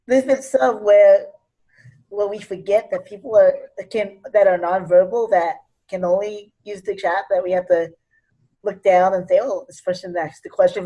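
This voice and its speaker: A woman's voice: mid-range voice, dark tone, poor audio. A woman in a casual group video call, asking questions in an earnest, somewhat hesitant way.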